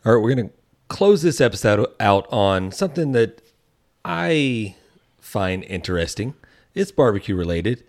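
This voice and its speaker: A man's voice: on the low side, sing-song, a little slow. A man hosting a podcast in casual chat, laid-back as he moves the show between segments. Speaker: podcast host.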